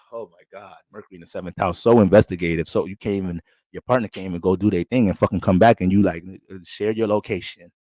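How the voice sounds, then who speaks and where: A man's voice: lowish voice, dry recording, studio quality. A man giving an astrology forecast in a casual, blunt and profane way. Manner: blunt, streetwise and heavy on profanity. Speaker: astrologer giving a sign reading.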